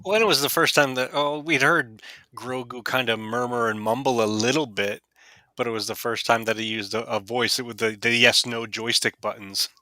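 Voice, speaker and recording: A man's voice: medium pitch, steady tone, moderate pace, sharp tone, dry recording. A man co-hosting a casual fan podcast, talking with upbeat enthusiasm and frequent restarts. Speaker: podcast co-host. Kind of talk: casual panel chat.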